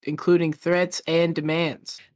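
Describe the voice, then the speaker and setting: A man's voice: on the high side, level tone, measured pace. A young man co-hosting a casual reaction podcast, laid-back and joking. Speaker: podcast co-host.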